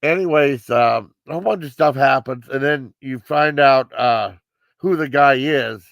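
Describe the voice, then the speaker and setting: Gravelly-voiced man, rambling movie review. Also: mid-range voice, unhurried, a bit bright, dry recording. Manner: rambling, with many fillers and restarts. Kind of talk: casual live movie review.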